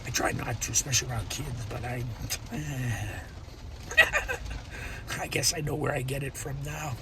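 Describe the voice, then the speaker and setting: A man's voice: medium pitch, unhurried, noisy background. An older man rambling and swearing in a casual monologue, laughing to himself as he talks in his car. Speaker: vlogger.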